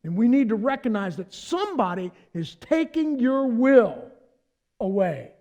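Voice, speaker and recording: High-voiced, animated male pastor. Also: measured pace, highs cut off. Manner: animated, playful, addresses the congregation directly. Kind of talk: sermon.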